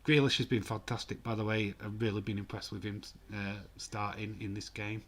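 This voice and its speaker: A man giving casual, excitable live football commentary and reading out viewer comments. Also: on the low side, brisk, slight background noise. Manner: chatty, excitable, reads viewer comments aloud. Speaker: host of a live football watch-along.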